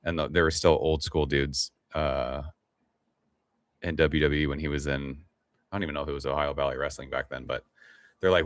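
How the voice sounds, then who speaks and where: Middle-aged male stream host, very deep and laid-back, rambling and cussing casually. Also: fairly even intonation, fairly quick, no room sound. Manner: laid-back, rambling, swears casually, reads chat aloud. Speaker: livestream host. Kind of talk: casual live-stream chat.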